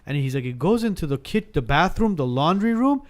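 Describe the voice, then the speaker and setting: His voice on the high side and his delivery brisk, a man in his thirties tells a ghost story on a casual podcast. He animatedly performs the dialogue and frequently starts his sentences over.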